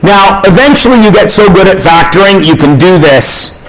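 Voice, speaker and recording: A man's voice: sits high, lively intonation, normal speed, low-quality recording. A man teaching a math class in a casual way, often checking in with the students. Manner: informal, checks in with tag questions. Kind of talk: classroom lecture.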